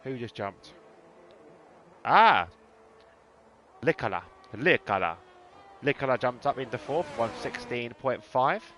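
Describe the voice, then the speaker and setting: A man's voice: mid-range voice, animated, normal speed, fairly bright tone, a little hiss or hum. A man in a put-on Irish accent, giving casual, sweary, teasing commentary on a sim racing league. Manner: banter-heavy, sweary, teasing drivers.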